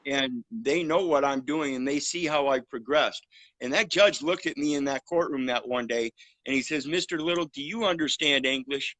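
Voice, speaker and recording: Brash, bright-voiced man. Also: medium pitch, moderate pace, no echo, low-quality recording. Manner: blunt, profane, preachy. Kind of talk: casual chat.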